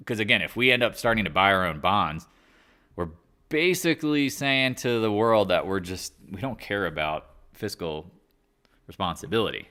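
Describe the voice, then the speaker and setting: A man's voice: on the low side, lively intonation, moderate pace, pushed and bright. A man hosting a live market chat stream in a casual, rambling way, drifting off on tangents and slangy asides. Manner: loose, slangy. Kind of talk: casual livestream market commentary.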